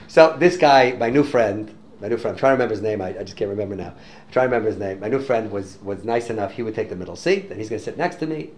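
A man telling a story in a religious talk to an audience, animated and sprinkling in Hebrew and Yiddish words. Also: fairly low pitch, slight background noise. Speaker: religious teacher.

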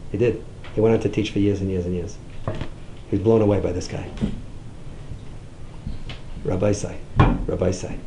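A middle-aged man, a rabbi, giving a storytelling sermon, jumping up high whenever he quotes someone. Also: echoey room, low-quality recording. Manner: animated, swings up high when quoting others. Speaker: rabbi giving a talk on outreach.

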